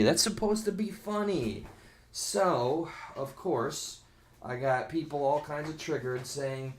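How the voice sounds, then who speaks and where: A man's voice: medium pitch, moderate pace. A man giving a casual reaction rant, rambling and sarcastic, reading online comments aloud with mocking voices. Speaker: video commentator.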